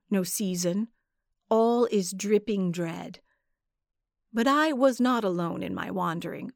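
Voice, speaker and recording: A woman narrating a dark fantasy story in a measured, dramatic storytelling manner. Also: mid-range voice, creaky, dry recording, studio quality. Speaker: audiobook narrator. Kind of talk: scripted narration.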